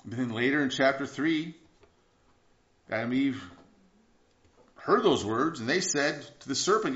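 A man preaching a sermon, earnest, moving between hushed passages and emphatic bursts and repeating words for emphasis. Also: mid-range voice, animated, takes it slowly, long pauses. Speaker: pastor. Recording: echoey room, dull lo-fi sound.

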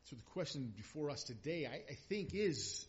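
A man's voice: on the high side, big pitch swings, normal speed. Earnest male pastor preaching, lo-fi sound. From northern Minnesota. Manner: earnest, building to emphatic repetition. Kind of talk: sermon. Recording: dull lo-fi sound.

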